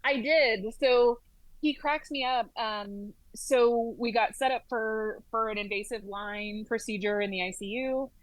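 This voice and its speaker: A woman working as a flight nurse practitioner, telling stories as an interview guest in a lively way, with lots of "like" and "um". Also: a little high, measured pace, dry recording, rough recording. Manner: lively storyteller, heavy use of "like" and "um". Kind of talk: casual storytelling in an interview.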